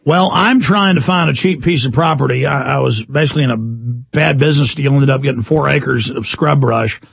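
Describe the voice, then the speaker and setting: A gravelly, husky male radio host on a call-in show, ranting and hammering the same phrases again and again. His voice sits a bit high for a man and lurches upward when he pushes a point. The sound is dry and close, with no room around it. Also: moderate pace, no room sound. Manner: ranting, repetitive, with sudden emphatic pitch jumps. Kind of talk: call-in talk radio monologue.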